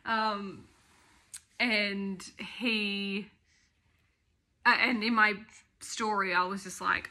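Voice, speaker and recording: A woman's voice: mid-range voice, steady tone, drawn-out words, long pauses, bright, forceful tone. A young Australian woman telling her birth story to camera in a chatty, rambling way, often breaking off to talk to her baby and dogs. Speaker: vlogger.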